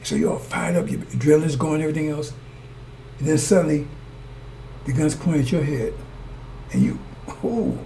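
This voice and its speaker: Guy preaching, gravelly voice, keeps asking "you understand?", kinda dark tone. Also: a little high, normal speed, pauses often, a little hiss or hum. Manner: repetitive, asks listeners to follow along; addresses congregation as brothers and sisters. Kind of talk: sermon.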